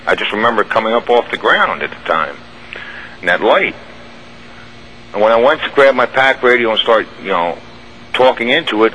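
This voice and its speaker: Male guest recounting an ordeal; bright, pushy voice, vivid and rambling. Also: on the low side, slight background noise, low-quality recording. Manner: rambling, vivid storytelling with restarts. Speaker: radio show guest. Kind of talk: recounting a personal experience.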